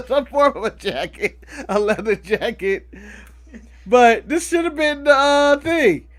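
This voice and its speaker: A man from the United States co-hosting a casual wrestling recap podcast, joking and laughing often in an animated way. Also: very high-pitched, takes it slowly. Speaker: podcast co-host. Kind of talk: casual chat.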